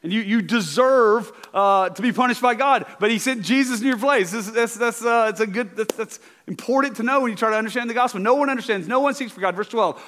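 Male pastor, fairly high voice, earnest sermon delivery, big reverberant hall. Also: fairly quick, few pauses, fairly bright tone. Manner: earnest, repeats words, asks okay to the congregation.

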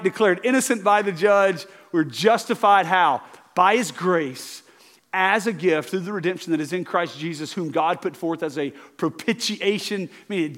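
Male pastor, fairly high voice, earnest sermon delivery, big reverberant hall. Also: fairly bright tone. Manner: earnest, repeats words, asks okay to the congregation.

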